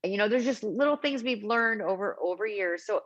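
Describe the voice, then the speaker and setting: This middle-aged woman, a cannabis advocate, chats in an interview full of stories, lively and voicing other people's lines as she retells them. Her medium-pitched voice moves a little fast, and the recording is dry and dull.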